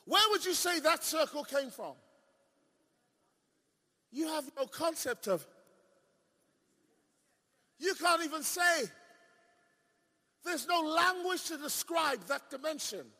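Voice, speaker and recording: Male preacher, very high and sharp-toned, shouts then drops low, quizzes the audience, recorded with long reverb in a hall. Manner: swings from shouted declarations to low, drawn-out asides; asks the audience questions and leans on repetition. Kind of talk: sermon.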